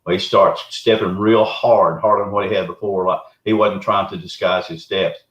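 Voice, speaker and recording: Man, Southern US accent, very low voice, folksy rambling storyteller, echoey lo-fi audio. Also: moderate pace. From Arkansas, US. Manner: folksy, rambling, animated retelling. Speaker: guest, Bigfoot researcher. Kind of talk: casual storytelling. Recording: roomy, dull lo-fi remote audio.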